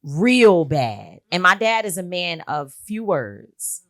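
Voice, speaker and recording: A middle-aged woman speaking as an interview guest. She tells personal stories frankly and earnestly, with a slightly low voice. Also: sing-song, a little slow, pushed and bright. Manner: earnest, frank, with frequent filler words. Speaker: guest, activist and author. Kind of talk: candid personal storytelling.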